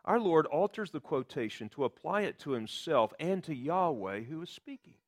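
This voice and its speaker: A man's voice: on the high side, big pitch swings, moderate pace. Man preaching an expository sermon. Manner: expository preaching with emphatic quoted scripture. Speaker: pastor.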